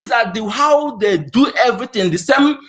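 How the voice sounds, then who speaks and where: A man's voice: very high-pitched, expressive, normal speed, fairly bright tone. A man calling in, speaking heatedly and insistently, repeating himself as he presses his point. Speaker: caller. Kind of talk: impassioned call-in speech.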